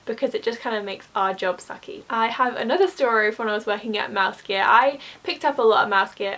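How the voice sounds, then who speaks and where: A young woman telling work stories in a chatty, exasperated way, full of "like". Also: mid-range voice. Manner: chatty, exasperated, uses "like" often. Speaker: vlogger, former theme park cast member. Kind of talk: casual storytime.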